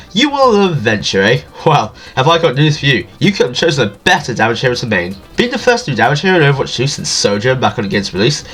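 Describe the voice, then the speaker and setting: A man's voice: medium pitch, fairly bright tone, breathy edge. A man with a nasal, allergy-stuffy voice reading a scripted gaming guide as a voice-over, jokey and self-deprecating. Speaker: video game guide creator.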